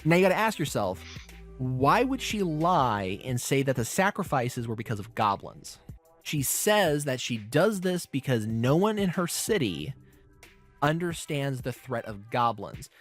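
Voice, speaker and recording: A man hosting a podcast, recapping a show in a casual, profane, animated way. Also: medium pitch, unhurried, faint music behind. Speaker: podcast host.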